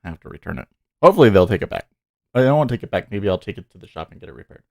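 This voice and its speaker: A man's voice: on the low side, very animated, rapid-fire, vocal fry, a little mellow. Casual guy day trader on a stream, frustrated and cursing, voice swings up and down a lot. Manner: exasperated, swears, rants at charts. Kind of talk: casual livestream commentary.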